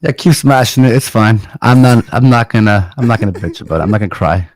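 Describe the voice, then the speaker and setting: A man's voice: lowish voice, fast talker, a little mellow, dry recording. A man in his late twenties or thirties, a former stand-up comic, talking in self-deprecating, defensive casual chat. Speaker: guest, former stand-up comedian.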